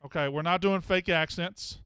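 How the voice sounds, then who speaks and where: A man's voice: sits high, steady tone, normal speed, a bit bright, clear, resonant tone, no room sound, clean studio sound. A man hosting a live sports call-in show, blunt and profane, often exasperated with callers. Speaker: sports betting show host.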